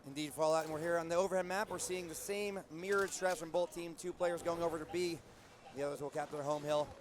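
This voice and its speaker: A man with a high voice calls an esports match play by play, his energy rising as the action builds. A loud crowd roars behind him. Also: fairly even intonation, quick pace. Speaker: esports commentator.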